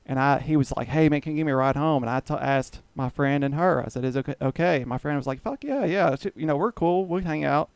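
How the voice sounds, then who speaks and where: A man's voice: mid-range voice, fairly even intonation, fast, vocal fry, hardly any pauses, clear, resonant tone, no echo. A man casually telling a long story on a podcast, swearing freely and acting out what others said. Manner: rambling, profane, acts out quoted dialogue. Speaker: guest storyteller.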